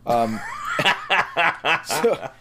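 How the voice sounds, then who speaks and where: A man's voice: a little high, wildly swooping pitch, very slow, noisy background. A man co-hosting a podcast, explaining things with an amused, chatty manner. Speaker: podcast co-host. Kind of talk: casual chat.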